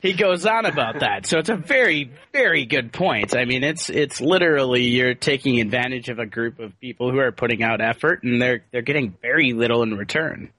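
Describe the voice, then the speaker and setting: Animated man, dry close sound. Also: medium pitch, brisk, hardly any pauses, no room sound. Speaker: podcast co-host. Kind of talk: casual discussion.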